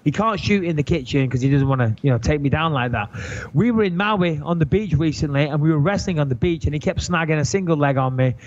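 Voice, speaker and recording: A man in his thirties with an English accent, chatting on a podcast in an animated, joking and profane way. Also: fairly high pitch, fast, highs cut off. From England. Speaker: podcast guest. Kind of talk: casual podcast chat.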